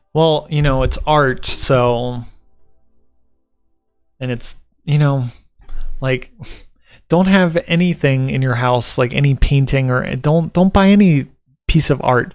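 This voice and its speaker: A man's voice: a little high, slow, pauses often, clear, resonant tone, no echo, clean studio sound, soft background music. Rambling, joking man from the American South. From Southern United States. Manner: rambling and joking, reads article points aloud and riffs on them. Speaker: vlogger and tattoo apprentice. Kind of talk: casual chat to camera.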